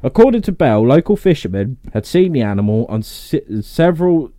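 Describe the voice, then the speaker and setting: A man's voice: mid-range voice, big pitch swings, moderate pace, warm tone, dry recording, clean studio sound. A man hosting a podcast, chatting casually, reading out facts and joking and swearing between laughs. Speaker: podcast host.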